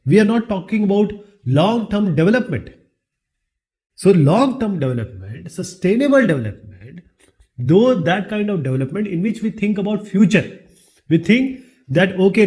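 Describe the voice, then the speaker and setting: A man's voice: high-pitched, darkish tone. A man with an Indian English accent teaching a lesson, asking rhetorical questions and then answering them himself. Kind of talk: classroom lecture.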